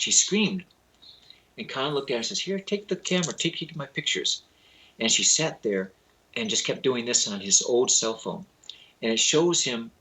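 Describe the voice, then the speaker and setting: A man being interviewed as a spiritual teacher. He tells lively anecdotes in a casual way, acts out the people he quotes, and uses loose grammar. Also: mid-range voice, slightly rough, low-quality recording.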